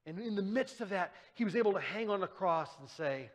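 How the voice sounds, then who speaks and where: A man's voice: high voice, lively intonation, fairly quick. A man preaching a sermon as pastor, in a conversational way, acting out the voices he quotes. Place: church. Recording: church sanctuary with long reverb.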